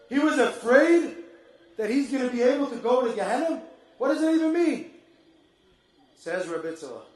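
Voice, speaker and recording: A man giving an impassioned fundraising speech to an audience, building up to shouted appeals. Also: extremely high pitch. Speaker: speaker at a charity fundraiser. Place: event room with an audience. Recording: echoey hall.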